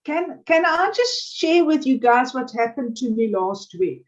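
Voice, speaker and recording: A woman telling a deliberate anecdote in a casual online chat. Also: high voice, very animated. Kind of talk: casual storytelling. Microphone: video call. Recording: dull lo-fi sound.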